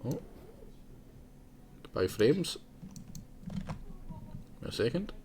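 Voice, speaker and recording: A man's voice: medium pitch, very animated, drawn-out words, a little mellow, slight background noise. A young man rambling casually through live gameplay commentary, chatting to himself and laughing often. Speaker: game streamer.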